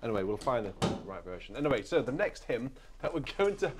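A man at a home organ, talking in a loose, rambling way, breaking off his own sentences. His pitch is in the middle range, and there is a faint hiss behind him. He sounds like a livestream host thinking aloud between pieces. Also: very animated, fast. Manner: rambling, self-interrupting, distracted. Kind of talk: casual chat. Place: home music room with organ.

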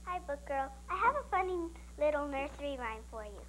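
A woman's voice: sits high, expressive, fairly quick, slight background noise, low-quality recording. A woman playing a friendly visitor on a children's TV show, asking for stories and reciting a nursery rhyme.

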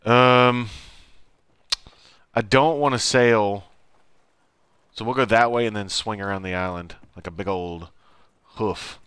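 A man's voice: fairly low pitch, slow, pauses often, a bit bright, clear, resonant tone, no echo. A man streaming live gameplay, talking to himself with frantic exclamations and swearing.

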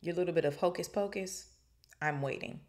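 A woman's voice: fairly low pitch, fairly quick, natural voice. A woman voicing a cold, threatening male wizard teacher in a storybook reading, clipped and icy.

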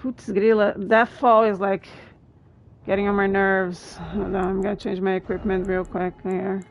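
A woman gaming streamer gives live gameplay commentary while chatting with her viewers, exclaiming often and laughing between remarks. Her mid-range voice is creaky, with little pitch movement, at normal speed. The sound is lo-fi.

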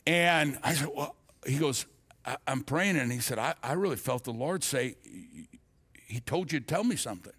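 A man's voice: mid-range voice, animated, moderate pace, fairly bright tone, husky. An older man, a pastor, telling a personal story in a sermon, acting out the dialogue with frequent restarts and stammers.

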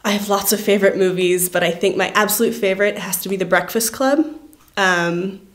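A woman's voice: medium pitch, a little fast. A young woman talking in a personal interview, reflective and thoughtful, with frequent "um" and "like" fillers. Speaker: award honoree.

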